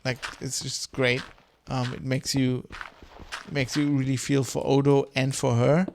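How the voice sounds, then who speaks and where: A man's voice: medium pitch, little pitch movement, a little slow, vocal fry, background noise. A man streaming a game, rambling in loose, casual chat full of swearing and fillers. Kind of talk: casual chat while gaming.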